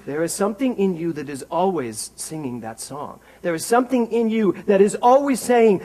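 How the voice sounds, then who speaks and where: Guy preaching in church, high voice that swings up and down a lot, wry and chatty with the crowd. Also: moderate pace, hardly any pauses, rough recording. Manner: animated, wry, talks straight to the congregation. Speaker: minister. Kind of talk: conversational sermon.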